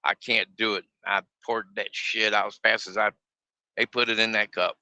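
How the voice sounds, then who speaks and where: A man's voice: fairly low pitch, steady tone, normal speed, vocal fry, bright, forceful tone, no echo. A man streaming live from his truck, chatting in a folksy, grumbling way and laughing often. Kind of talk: casual live-stream chat. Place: inside a semi truck cab.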